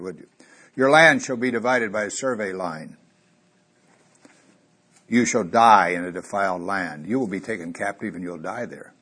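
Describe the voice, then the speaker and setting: A man preaching a sermon, telling a Bible story and getting louder when he quotes scripture. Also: fairly low pitch, husky. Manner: animated, rising loud on quoted scripture.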